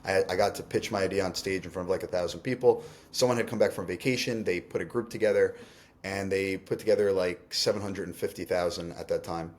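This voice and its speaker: A man with a low-pitched voice speaks as an interview guest. He talks candidly and reflectively, in quick bursts full of restarts and "like". The tone is conversational. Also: fairly even intonation. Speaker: company CEO, interview guest.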